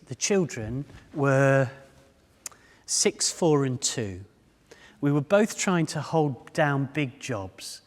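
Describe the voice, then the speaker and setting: A man in his fifties giving a public talk, telling humorous stories and speaking straight to the audience. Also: medium pitch. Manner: humorous storytelling, addresses the audience directly. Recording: long reverb of a hall.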